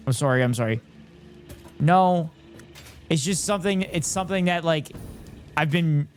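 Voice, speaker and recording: A man in his thirties chatting casually on a live stream, reading and answering chat in a self-deprecating way. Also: fairly high pitch.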